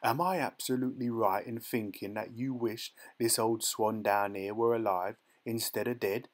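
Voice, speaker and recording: A man's voice: lowish voice, steady tone, moderate pace, close to an everyday voice. A man voicing a cruel, sneering teenage boy who bullies a smaller boy, in an audiobook reading. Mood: sly, taunting. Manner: sneering, taunting.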